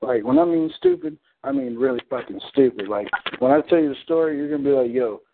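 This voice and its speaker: A man's voice: mid-range voice, sing-song, fast, gravelly, background noise. A man on a community call, telling a story in a blunt, heated, profane way. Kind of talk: casual storytelling. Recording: phone-like call audio.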